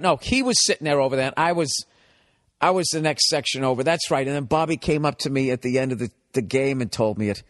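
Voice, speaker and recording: A man's voice: on the high side, animated, fairly quick, fairly bright tone, no echo, clean studio sound. A man hosting a podcast, telling a rambling, profane comedic story in a casual monologue. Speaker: podcast host.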